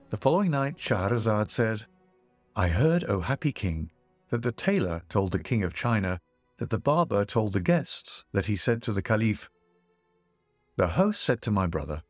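A man narrating a classic tale in a measured, expressive reading. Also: on the low side, no room sound, faint music behind. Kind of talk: audiobook storytelling.

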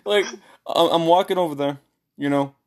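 A young man casually telling a funny story to friends, animated and laughing, acting out quoted lines. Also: fairly high pitch, normal speed.

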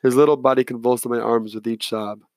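A man narrating an audiobook in the first person, reading in a measured, steady way. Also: mid-range voice, dry recording.

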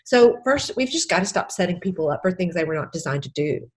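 A woman's voice: lowish voice, animated, brisk. A middle-aged woman, a podcast guest who is an author and former counselor, speaking earnestly and tearfully about faith, stressing and repeating her key phrases.

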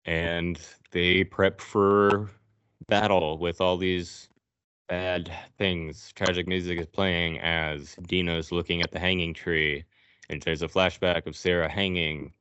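Deep-voiced man doing a sarcastic recap. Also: level tone, slow pace, fairly bright tone, clean tone, dry recording, dull audio. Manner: sarcastic, profane storytelling. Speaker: podcast host. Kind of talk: casual movie recap.

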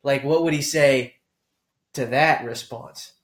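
A man co-hosting a comedy podcast, goofy and quick to cut in with jokes. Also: mid-range voice. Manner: goofy, interrupting, jokey. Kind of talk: casual comedic chat.

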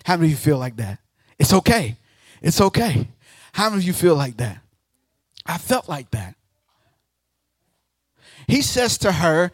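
High-voiced man preaching with sweeping dynamics. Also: big pitch swings, unhurried, dry recording, studio quality. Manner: call-and-response preaching, swinging from loud declarations to hushed near-whispers; acts out the speakers he quotes. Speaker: guest pastor. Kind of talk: preaching a sermon.

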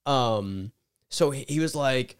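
A young man co-hosting a podcast, telling a story in casual chat, animated and swearing, acting out the people he quotes. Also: medium pitch, takes it slowly, clean tone. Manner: animated, acts out quotes loudly, swears a lot. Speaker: podcast co-host.

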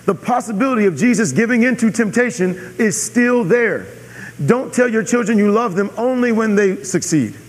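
A man preaches a sermon, pressing his points home by repeating them and checking in with the congregation. His voice sits high for a man. The sound carries the long echo of a large hall. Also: lively intonation, moderate pace. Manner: emphatic, repeats key phrases, asks audience "are you with me". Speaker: pastor.

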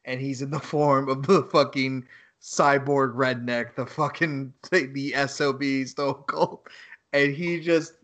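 A man co-hosting a laid-back podcast, mid-pitched and lively. He tells stories with rising excitement, swears freely and breaks into laughter. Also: slow. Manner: animated storytelling, heavy swearing, bursts of laughter. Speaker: podcast co-host. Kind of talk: casual podcast chat.

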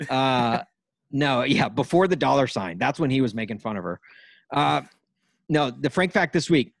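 A man's voice: medium pitch, lively intonation, moderate pace, creaky, no room sound. A man co-hosting a podcast in casual chat, rambling and laughing a lot. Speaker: podcast co-host.

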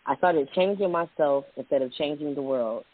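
A man co-hosting a casual talk show, talking reflectively and reading short quotes aloud, sometimes in quick bursts. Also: a little high, no echo. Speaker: podcast co-host. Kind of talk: casual chat with read-out quotes. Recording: tinny phone-like dry sound.

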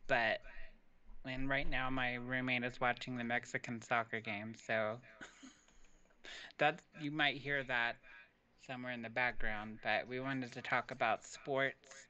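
A man hosts a podcast in a relaxed, conversational way, steering the talk. His voice is bright. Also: medium pitch, measured pace, dull audio. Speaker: podcast host. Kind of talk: casual chat.

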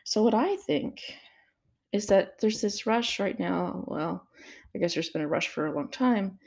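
A woman's voice: medium pitch, lively intonation, measured pace, gravelly, darkish tone, slightly rough. A woman giving a casual solo commentary, thinking aloud with fillers and restarts and asking herself rhetorical questions. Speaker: crypto commentator.

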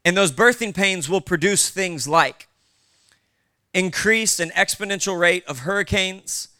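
A man's voice: high-pitched, unhurried, pushed and bright, clear, resonant tone. A male pastor preaching casually, with conversational asides to the congregation. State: short on sleep. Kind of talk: sermon.

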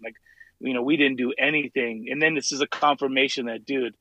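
A man's voice: mid-range voice, steady tone, brisk, sharp tone, a little hiss or hum, rough recording. A laid-back man talking casually as a podcast guest, peppering his speech with "dude" and "man". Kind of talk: casual conversation.

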